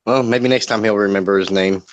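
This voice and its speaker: A man's voice: on the low side, fairly even intonation, a little fast, muffled recording. A man playing in a tabletop game, joking and teasing his fellow players.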